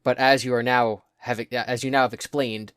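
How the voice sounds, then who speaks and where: A young man in an easygoing podcast chat, his voice dry and close to the mic with no room sound. He drawls words out slowly for emphasis, then speeds up again. His pitch sits in the middle for a man. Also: little pitch movement, a bit bright, smooth, no echo. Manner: easygoing, drawls words out when making a point. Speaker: podcast co-host. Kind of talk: casual storytelling chat.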